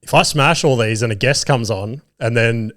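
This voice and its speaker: A man's voice: mid-range voice, normal speed, a bit bright. A man hosts a casual podcast, laid-back and good-humored. He laughs easily and pokes fun at himself while chatting with a mate. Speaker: podcast host.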